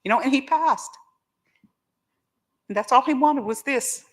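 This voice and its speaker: Middle-aged woman, recovery-meeting guest speaker; candid, heartfelt, quick to joke with the room. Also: high voice. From Oklahoma. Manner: candid, emotional and joking, addresses the crowd directly. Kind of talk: personal testimony talk.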